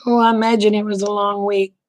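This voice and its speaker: Casting: middle-aged woman, Oklahoma accent, relaxed folksy stream host, flat delivery, slightly rough throat. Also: medium pitch, quick pace. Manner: relaxed, folksy, talks to viewers by name. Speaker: livestream host chatting with viewers. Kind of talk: casual late-night chat.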